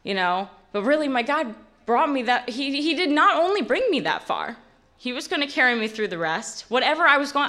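A woman's voice: sits high, sing-song, fairly quick, sharp tone. A woman in her late twenties giving a candid, rambling personal testimony at a recovery meeting, full of fillers. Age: late 20s.

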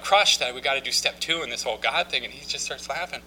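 Bright-voiced man sharing his recovery story. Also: medium pitch, a little hiss or hum, low-quality recording. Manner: halting, with frequent restarts and wry self-mocking humor. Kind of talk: personal testimony talk.

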